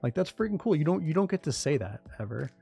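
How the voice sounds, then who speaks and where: A man talking casually on a livestream about his crypto project, rambling, restarting sentences and getting excited. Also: on the high side, quick pace, vocal fry, husky. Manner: rambling, self-interrupting, excitable. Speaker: crypto project founder and streamer.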